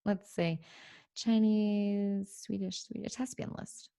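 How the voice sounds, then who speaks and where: A woman hosting a podcast in a casual chat. She talks playfully, laughs often and thinks out loud. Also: mid-range voice, steady tone, normal speed, creaky. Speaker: podcast host.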